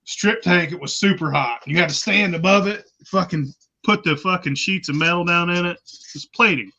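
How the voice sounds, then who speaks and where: A man's voice: high voice, normal speed, bright, forceful tone. A man telling crude, laughing stories in a casual podcast chat, heard through dull lo-fi sound. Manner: profane, laughing storyteller. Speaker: podcast participant.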